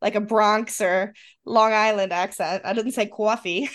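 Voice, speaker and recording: A woman's voice: medium pitch, steady tone, unhurried, a bit bright. A woman in her fifties with a Western New York accent, a podcast host in casual chat who laughs often and trails off mid-sentence. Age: 50s.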